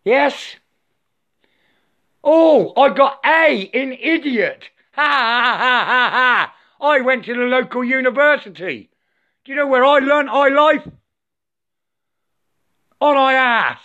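A man's voice: very high voice, animated, slow, long pauses, sharp tone. Ranting older man, lo-fi. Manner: profane, repetitive, preachy, says "I" for "my". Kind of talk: angry ranting monologue. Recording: dull lo-fi sound.

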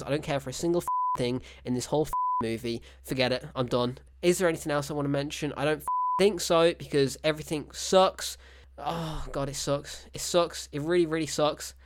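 A man's voice: on the high side, a bit bright, a little hiss or hum. Exasperated man ranting about a film. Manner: exasperated, sarcastic ranting with frequent cut-off swearing. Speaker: film reviewer, show host. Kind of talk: ranting solo film review.

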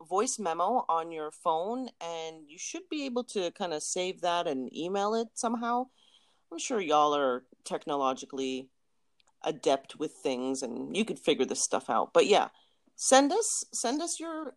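A woman's voice: lowish voice, no room sound. Giggly woman podcast co-host. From Canada. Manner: giggly, laughs often. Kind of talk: casual podcast chat.

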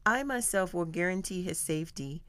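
A woman giving a steady, measured reading of scripture, telling the story and its quoted speech in the same even voice. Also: lowish voice. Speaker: scripture reader.

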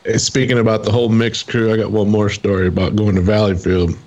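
A man guest in a casual chat, telling a story in an animated way and laughing often. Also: on the low side, quick pace, lo-fi sound.

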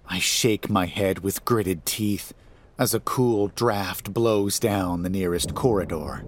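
A man narrates a first-person horror story in a slow, measured way. His voice sits low and grave. A faint hiss runs under the reading.

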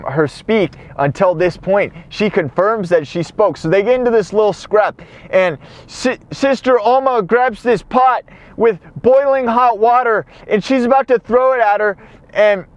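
A man hosting a podcast, recapping a film in a rambling, profane monologue while he drives. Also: high-pitched. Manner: rambling, profane, acts out lines. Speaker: podcast host. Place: car while driving.

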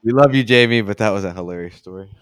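Laid-back man with a smooth voice. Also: on the low side, quick pace, a bit bright, no echo. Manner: laid-back, friendly slang, laughs easily. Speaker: podcast host. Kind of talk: casual interview chat.

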